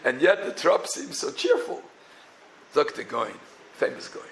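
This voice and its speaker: A rabbi gives a Torah talk in a gravelly, slightly high voice. He mixes Hebrew and terms into his English and breaks into little chanted tunes. Faint noise hums behind him. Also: wildly swooping pitch, a little slow, a bit bright, poor audio.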